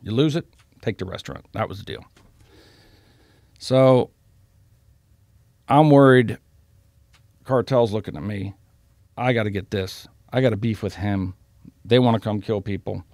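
Gravelly low guy swearing through his stories, dry close mic. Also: measured pace, long pauses, darkish tone, no room sound. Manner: blunt, profane, street-talking storyteller. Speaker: podcast guest. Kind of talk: storytelling in a casual interview.

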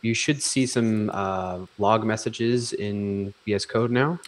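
A man co-hosting a live coding stream, calmly giving instructions with dry jokes. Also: lowish voice, slow pace. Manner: relaxed, dry joking, gives instructions. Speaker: co-host guiding the demo. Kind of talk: casual live coding chat.

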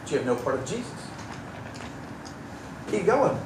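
In a church sanctuary, a pastor with a slightly high, sing-song voice preaches at a normal pace in a conversational style, adding wry asides and doing voices for those he quotes. The sound is roomy and distant, with background noise and faint ambience.

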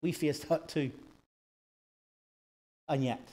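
A man preaching a sermon in a church, rising loud for emphasis and dropping soft and slow. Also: a little high, fairly even intonation. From northern Ireland.

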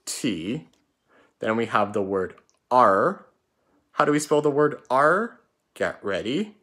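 Slow, lively-voiced male teacher. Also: mid-range voice, slight background noise. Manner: slow, drawn-out letter-by-letter dictation. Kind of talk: online spelling lesson.

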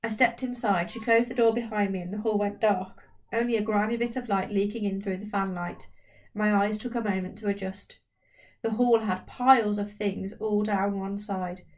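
A woman narrating a children's novel aloud in a steady, lightly expressive reading voice. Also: mid-range voice, moderate pace, recorded from a distance. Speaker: audiobook reader. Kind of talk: storybook narration.

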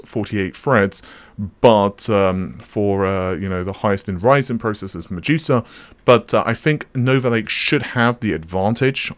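A man hosting a tech channel, talking casually and off the cuff, full of fillers, restarts and self-corrections. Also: medium pitch. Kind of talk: casual unscripted commentary.

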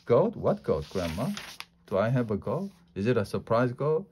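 A man voicing an excitable, bossy little girl in a storybook reading. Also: medium pitch, moderate pace, a little hiss or hum, lightly acted. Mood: eager.

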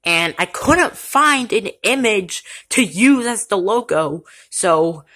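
A defensive male business owner on trial, rambling through excuses in a slow, drawn-out way, as a woman puts him on. The voice is bright and clear. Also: mid-range voice, animated.

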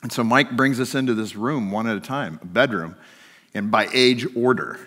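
A man's voice: mid-range voice, moderate pace. Man telling a story in a big hall. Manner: storytelling, swings from animated to hushed. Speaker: guest speaker. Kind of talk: personal story in a sermon. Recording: long hall reverb.

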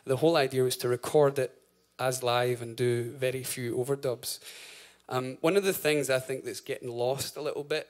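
Male band frontman, 30s, mid-pitched, loose stage patter full of "um" and "like", casual cursing. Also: steady tone, normal speed. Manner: chatty, full of fillers, swears and laughs. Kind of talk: rambling stage banter between songs. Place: live concert venue.

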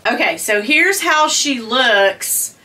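A woman chats casually to camera at home, gushing and squealing with excitement as she unboxes a handbag. Her voice is high-pitched and her pace slow.

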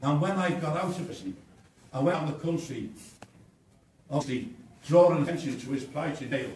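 A man's voice: on the high side, normal speed, darkish tone, slight background noise. An older man speaking at a campaign meeting, telling his own story in an impassioned, blunt way. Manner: impassioned, blunt, acts out dialogue. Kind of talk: personal storytelling to an audience. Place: inn function room. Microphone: camera in the audience. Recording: echoey room from far off.

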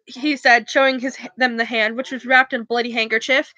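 A woman's voice: on the high side, flat delivery, a little fast, hardly any pauses, bright, forceful tone, dry recording, dull audio. A young woman reading a novel aloud, often stumbling and correcting herself. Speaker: reader.

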